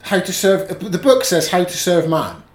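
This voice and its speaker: A man's voice: sits high, very animated, normal speed, reverberant. A man co-hosting a casual podcast chat, animatedly retelling plots at length. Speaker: podcast co-host.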